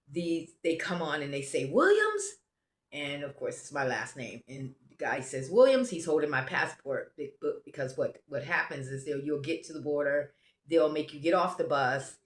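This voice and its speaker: An American woman telling a travel story casually, rambling and often restarting her sentences. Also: low voice. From United States. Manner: rambling, self-interrupting, restarts. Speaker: travel vlogger. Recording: roomy echo.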